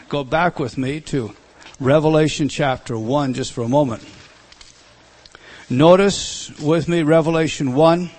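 A middle-aged man teaching a Bible study, speaking slowly and deliberately and repeating words for emphasis. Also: a little high, darkish tone.

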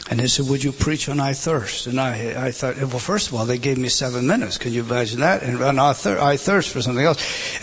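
A man preaching a sermon, moving between a spoken delivery and dramatic drops to a hushed whisper. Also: medium pitch, slight background noise, poor audio.

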